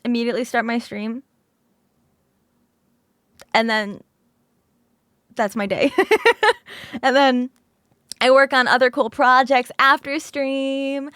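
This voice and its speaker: A woman's voice: sits high, fairly even intonation, slow pace, pauses often, a bit bright, smooth, no echo, clean studio sound. A woman streamer chatting casually with viewers, sleepy and just woken up, laughing often.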